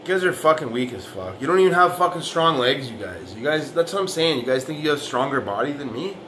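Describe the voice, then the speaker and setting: A fitness vlogger delivers a profane, boastful reaction rant, trash-talking rivals in an argumentative tone and repeatedly coming back to "man" and "right." His medium-pitched voice is expressive, fast, and a bit bright. There's slight background noise.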